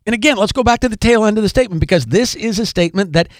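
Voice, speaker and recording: Emphatic high-voiced male podcast host. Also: very fast, no echo, studio quality. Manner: emphatic, repeats key phrases for effect; argumentative, addresses listeners directly. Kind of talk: political commentary monologue.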